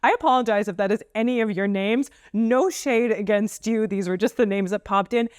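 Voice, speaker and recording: A woman counsellor giving casual advice straight to camera, playful, with joking asides and slower stresses on key points. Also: mid-range voice, smooth, dry recording, studio quality.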